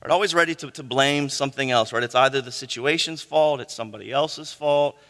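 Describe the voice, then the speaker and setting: A middle-aged man preaching a sermon, animated, with frequent "right?" asides to the congregation. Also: medium pitch, fairly quick. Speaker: pastor. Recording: long hall reverb.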